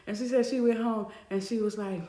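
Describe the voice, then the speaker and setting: Woman storyteller, high voice, gossipy and animated, echoey room. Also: a little fast. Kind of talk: casual storytime chat.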